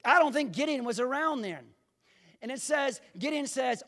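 A male pastor preaching a sermon, speaking directly to his congregation and building to impassioned, near-shouted emphasis. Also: very high-pitched, lively intonation, normal speed. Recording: long hall reverb.

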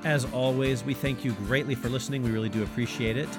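A man's voice: mid-range voice, fairly even intonation, quick pace, over loud music. A man co-hosting a film podcast in casual chat, affable and jokey as he wraps up the episode. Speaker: podcast co-host.

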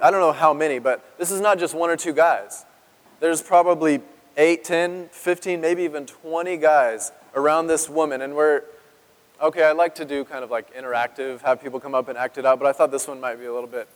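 A man's voice: a little high, long reverb tail. A man preaching a sermon as pastor, talking conversationally and asking his congregation questions. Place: church sanctuary.

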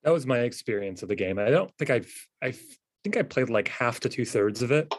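A man co-hosting a casual chat, telling stories in a relaxed, wry way. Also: mid-range voice, fairly quick. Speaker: podcast co-host.

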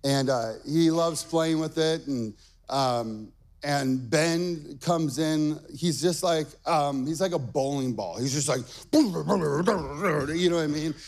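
A young adult male pastor preaching a sermon from a church stage. He tells family stories in an animated way and keeps checking in with "okay?". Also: on the high side, slow. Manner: animated storytelling with frequent "okay?" asides.

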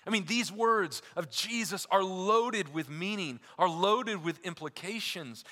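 A man preaching a sermon, swinging from loud emphasis to hushed, deliberate lines, with casual asides full of fillers. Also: sits high, big-room sound. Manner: emphatic preaching with wide swings in loudness, dropping to near-quiet for key lines. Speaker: pastor.

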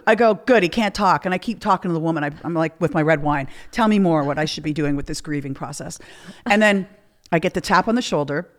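A woman's voice: low-pitched, quick pace. A woman guest on a podcast, telling candid stories in casual chat and acting out the people she quotes. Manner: candid storytelling with acted-out quotes.

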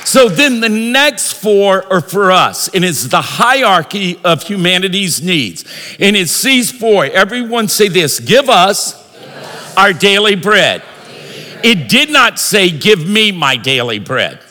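A man preaching a sermon as pastor, leading the congregation in call-and-response and rising into shouts. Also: sits high, sing-song, slow pace. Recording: long reverb of a large hall.

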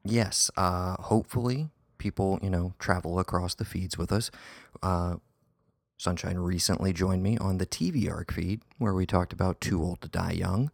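Guy hosting a movie podcast, real low voice, rambles and restarts a lot, dry close sound. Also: moderate pace, vocal fry, dry recording. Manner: rambling, hesitant delivery with many false starts. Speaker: podcast host. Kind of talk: casual film review podcast chat.

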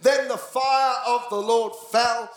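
A man preaching a sermon in a church, telling the story with lively voices and bursts of shouting. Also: very high-pitched, slow pace, slight background noise. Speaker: pastor. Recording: echoey church hall.

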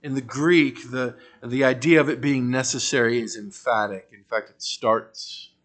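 A man preaches through a gospel passage in a relaxed, conversational sermon voice of middling pitch. He punctuates the teaching with wry, joking asides. His delivery swings from emphatic, raised lines to soft phrases that trail off. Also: unhurried. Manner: shifts between emphatic bursts and quiet trailing phrases. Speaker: pastor. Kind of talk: expository sermon.

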